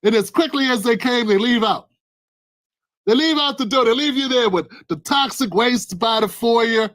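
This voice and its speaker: Animated man ranting in a high voice. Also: moderate pace, no echo, low-quality recording. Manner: animated, acts out scenes with loud exclamations. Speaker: political commentary vlogger. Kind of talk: ranting commentary vlog.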